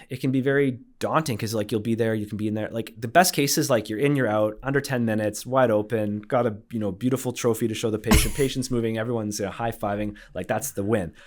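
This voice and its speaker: A man's voice: medium pitch, quick pace, hardly any pauses. A man, a radiologist guest, telling stories in a casual podcast chat with lots of fillers and restarts. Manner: chatty storyteller, many fillers and restarts.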